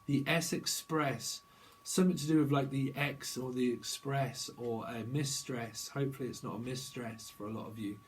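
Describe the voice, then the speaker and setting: Man, middle-aged, tarot reader, rambling, chatty and associative, ordinary pitch. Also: steady tone, normal speed, slight background noise, rough recording. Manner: rambling, free-associating, drifts into playful voices. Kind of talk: casual tarot reading monologue.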